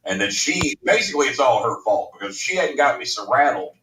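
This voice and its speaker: Brash storyteller, profane and ranting, lively pitch, recorded from across a room. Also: male voice, brisk, recorded from a distance, background noise. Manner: loud, ranting, profane, laughs often. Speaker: storyteller guest. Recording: roomy, from off mic.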